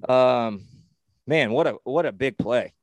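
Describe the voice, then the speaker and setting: In a casual sports chat, a podcast co-host rambles excitably, swearing a lot and restarting often. His medium-pitched voice is unhurried, with no room sound.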